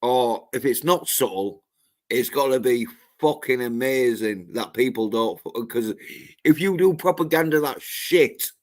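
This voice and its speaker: A man ranting on his own livestream, swearing heavily and often stopping to restart his sentences. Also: medium pitch. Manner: profane, ranting, halting with restarts. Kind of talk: solo livestream rant.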